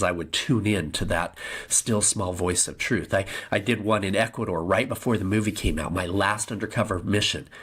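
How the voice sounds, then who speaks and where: A man's voice: lowish voice, a bit bright, husky. A man who is a podcast guest, telling a vivid story and acting out the dialogue, often restarting his phrases. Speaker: podcast guest, film producer.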